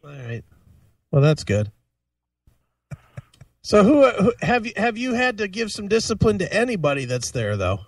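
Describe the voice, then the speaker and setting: A man's voice: sits high, big pitch swings, moderate pace, pauses often, dry recording, recorded from a distance. A man hosting a podcast, goading a caller with crude, teasing questions. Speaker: podcast host. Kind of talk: crude comic call-in banter.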